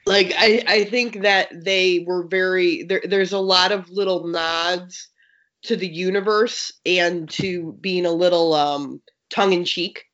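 Chatty woman co-host, winded from illness, rushes her words, slightly dull recording. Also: fairly low pitch, fairly even intonation, fairly bright tone. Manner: rapid, rambling, lots of restarts and fillers. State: out of breath from being sick. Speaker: podcast co-host reviewing a game book. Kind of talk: casual chat. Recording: slightly muffled lo-fi audio.

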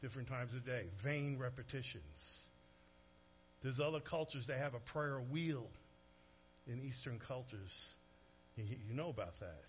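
A male pastor preaching in a mid-pitched voice, animated and shifting between hushed and forceful passages. He drops into casual asides to his congregation. A faint hum runs underneath. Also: measured pace, long pauses, low-quality recording. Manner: animated preaching, swinging from soft to loud; conversational asides to the audience. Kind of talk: sermon.

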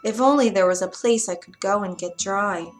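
A woman's voice: mid-range voice, moderate pace, soft background music, lightly acted. A woman voicing a sad, lonely young male duckling in a storybook, small and pleading.

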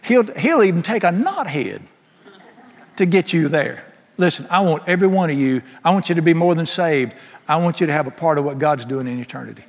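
A man's voice: fairly high pitch, lively intonation, fairly quick. A middle-aged man preaching a sermon, emphatic and folksy, with humorous asides. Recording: long hall reverb.

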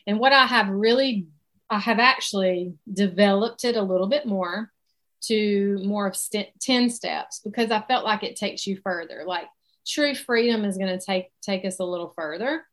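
A woman's voice: medium pitch, normal speed, a bit bright. A middle-aged woman from South Carolina with a Southern accent, leading a casual online coaching session on quitting alcohol, chatty and faith-centered.

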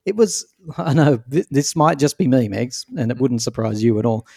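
A man's voice: mid-range voice, animated, normal speed, gravelly, warm tone, no echo, studio quality. A man with an Australian accent hosting a podcast in casual, teasing chat over a remote call. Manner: teasing, chatty. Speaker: podcast host.

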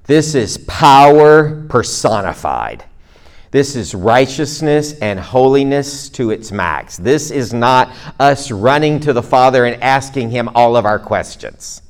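A man's voice: medium pitch, measured pace, hardly any pauses. A middle-aged man preaching a sermon to a congregation in a conversational way, with self-deprecating jokes and asides. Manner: speaks to a live congregation.

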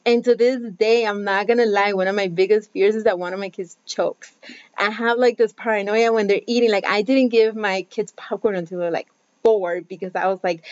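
A woman's voice: medium pitch, steady tone, brisk, dry recording. Woman in her thirties, casual chat, acts out quotes, swears freely, dull muffled recording. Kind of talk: casual chat about parenting.

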